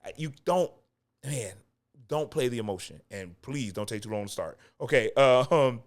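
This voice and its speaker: A man's voice: medium pitch, lively intonation, moderate pace. Man coaching actors, casual and emphatic. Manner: conversational, repeats points for emphasis, chuckles between lines. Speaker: acting coach. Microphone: close microphone.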